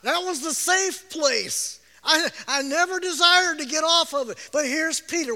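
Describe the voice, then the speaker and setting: A man preaches with a very high, bright and forceful voice, tells the story with feeling and breaks into shouts. He often repeats himself and laughs softly. Every word rings with the long reverb of a big church hall. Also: unhurried, hardly any pauses. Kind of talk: sermon.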